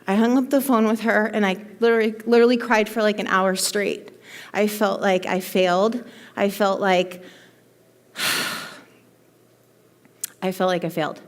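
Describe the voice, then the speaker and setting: Emphatic woman speaker in a reverberant hall. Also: mid-range voice. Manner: emphatic, heartfelt, animated. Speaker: motivational speaker to her team. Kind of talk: personal story talk to an audience.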